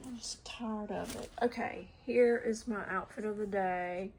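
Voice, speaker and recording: A woman's voice: mid-range voice, fairly even intonation, a little slow, few pauses, darkish tone, slight background noise, rough recording. A woman chatting casually to camera at home, rambling, trailing off and slipping into whispered asides. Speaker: vlogger. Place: at home in front of a mirror.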